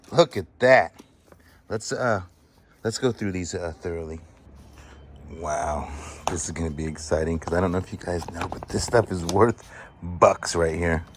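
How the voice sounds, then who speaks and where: Deep-voiced man excitedly sorting finds. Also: a little hiss or hum. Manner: excited, chatty, appraising items aloud. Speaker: vlogger sorting a storage unit find. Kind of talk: casual show-and-tell commentary.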